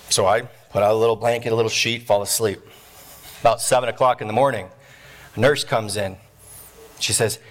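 A man's voice: medium pitch, fast, in a large hall. A man in his thirties telling a humorous story in a sermon, acting out the voices of the people in it. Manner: animated storyteller acting out voices, with shouts and laughs.

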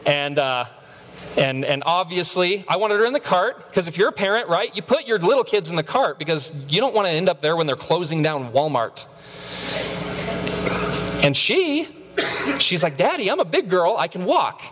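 A lively pastor in his thirties tells stories from the pulpit with self-mocking humor. His voice sits a little high and stumbles into quick repeats when he gets going. A long hall reverb trails his words. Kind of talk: sermon.

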